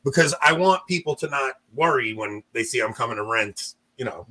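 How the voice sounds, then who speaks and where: A man's voice: mid-range voice, a little fast, poor audio. A man on a podcast telling funny stories in casual chat, joking and acting out what others said. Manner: joking, animated, acts out others' lines. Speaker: podcast co-host.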